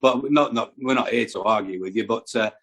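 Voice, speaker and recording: A man's voice: mid-range voice, a little fast, fairly bright tone. A man on a podcast as a guest, talking casually and hesitantly, often stumbling and repeating words. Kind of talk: casual chat.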